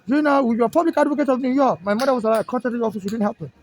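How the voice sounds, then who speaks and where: A man with a Nigerian accent and a very high voice vents outdoors. He talks fast and keeps circling back to the same grievances, speaking straight to the official he blames. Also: a little hiss or hum, rough recording. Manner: agitated, repetitive, addresses an official directly. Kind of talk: direct-to-camera complaint. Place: outdoors in a city.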